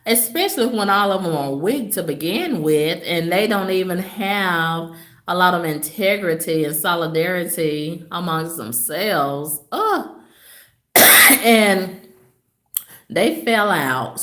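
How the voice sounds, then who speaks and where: A woman talks straight to her viewers in a relaxed vlog, spinning gossip with sass and sudden jumps in pitch. Her voice sits a little low and she takes her time. The room around her is echoey. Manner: sassy, gossipy storytelling with dramatic swoops in pitch. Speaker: vlogger. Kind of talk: casual vlog storytelling to viewers.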